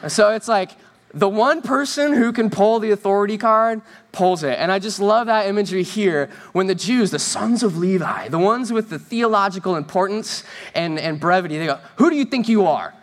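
Pastor, man, relaxed sermon with jokes, slightly high voice. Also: moderate pace. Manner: conversational, joking asides, acts out quoted voices. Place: church stage.

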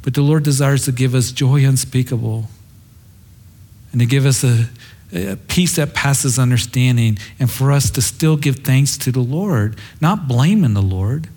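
A man's voice: medium pitch, unhurried, dark tone. Middle-aged male pastor, sermon delivery, earnest and reflective, mid-range voice. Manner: earnest, reflective, quotes scripture tenderly.

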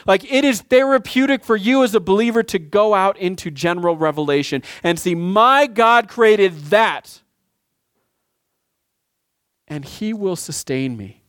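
A man's voice: high-pitched, brisk, hardly any pauses, clear, resonant tone, no echo, studio quality. A man in his thirties preaching a sermon as pastor, talking in a conversational way with frequent asides and restarts.

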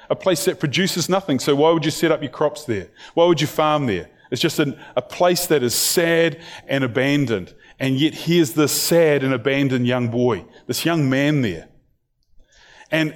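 New man preaching a story. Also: medium pitch. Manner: storytelling, acts out the characters' thoughts and words. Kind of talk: sermon.

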